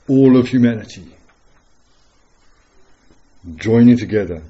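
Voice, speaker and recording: Earnest preacher, mellow husky voice. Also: male voice, fairly low pitch, unhurried, long pauses, muffled recording. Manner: earnest, dramatic, rhetorical questions, swings between loud and hushed. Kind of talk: sermon.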